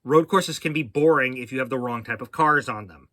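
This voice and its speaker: Man, podcast host, casual racing talk, rambling with fillers, bright voice, dry close sound. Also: medium pitch, fairly quick, no echo. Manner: rambling, with frequent fillers and restarts.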